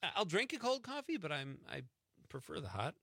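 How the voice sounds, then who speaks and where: A man's voice: a little high, huge pitch swings, a little fast, creaky, fairly bright tone, husky, no echo. A man hosting a radio show, bantering casually and joking at his own expense. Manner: joking, self-mocking, rambling. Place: radio studio. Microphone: studio microphone.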